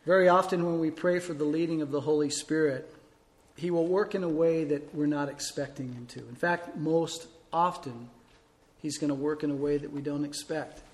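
A man preaching a sermon as a pastor, telling a story with big swings between loud emphasis and soft, slow pauses. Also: fairly high pitch, steady tone.

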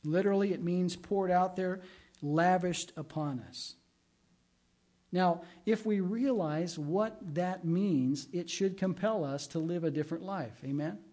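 A man's voice: high voice, a little slow, dark tone. A middle-aged man, a pastor, giving a sermon in a conversational way and weaving in personal stories. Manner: conversational preaching with personal anecdotes.

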